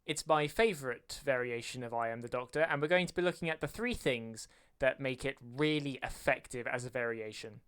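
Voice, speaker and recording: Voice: medium pitch, brisk, fairly bright tone, clean tone. A video creator explaining music theory in a lesson, counting beats aloud and singing rhythms to show them. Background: faint music playing.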